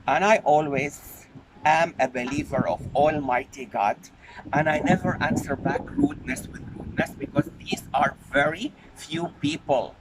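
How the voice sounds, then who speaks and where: A man's voice: fairly high pitch, moderate pace. A man making an earnest, pleading spoken appeal for animal welfare, repeating his key points. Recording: noisy background.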